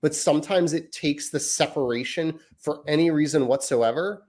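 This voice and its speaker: A parenting podcast's co-host, a man in his thirties, chats casually, spinning long and hedging sentences that wander as he thinks aloud. His voice is fairly high and darkish, at a normal speed.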